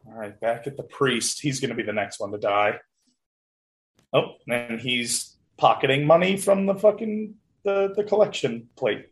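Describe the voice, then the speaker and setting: A man's voice: medium pitch, moderate pace. A man casually commenting on a horror film, laughing and joking. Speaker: co-host reacting to a film.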